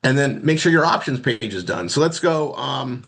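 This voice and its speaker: A man's voice: mid-range voice, lively intonation, gravelly, a bit bright, breathy edge. Guy walking folks thru his screen, rambly, stumbles and repeats words, medium voice. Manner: rambling, halting, repeats words while clicking around. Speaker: marketing instructor. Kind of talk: casual screen-share walkthrough.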